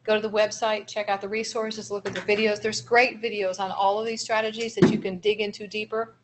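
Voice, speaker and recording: A woman's voice: mid-range voice, little pitch movement, brisk, very noisy. A woman presenting a training seminar for early childhood educators, explaining strategies with step-by-step examples in an encouraging manner.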